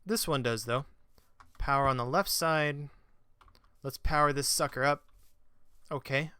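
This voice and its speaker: Gaming host, male, bright clear voice on a dry close mic, chatty commentary with mock-angry outbursts. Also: medium pitch, a little slow, no echo. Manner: chatty, flares into mock-exasperated rants; self-mocking. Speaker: let's play gamer. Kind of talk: casual gameplay commentary.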